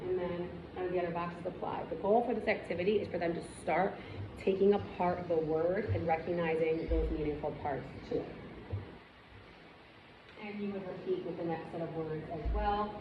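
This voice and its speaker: A woman reading teacher giving a demonstration lesson, with clear, encouraging, step-by-step instructions and asides to other teachers. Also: fairly low pitch, fairly even intonation, moderate pace. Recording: echoey room, dull and noisy sound.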